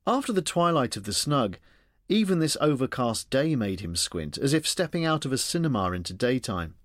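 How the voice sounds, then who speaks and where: A man reading a novel aloud as an audiobook narrator, expressive and shifting his voice for the dialogue. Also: medium pitch, moderate pace, dry recording, clean studio sound.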